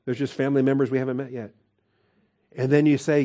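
Man, pastor, conversational sermon, mellow tone, rhetorical questions. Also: medium pitch, level tone, quick pace.

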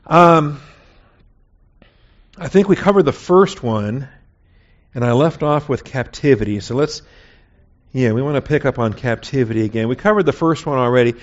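Bible teacher, man, mid-pitched, chatty lecture, muffled lo-fi recording. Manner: conversational, often checks in with "all right?". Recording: dull lo-fi recording.

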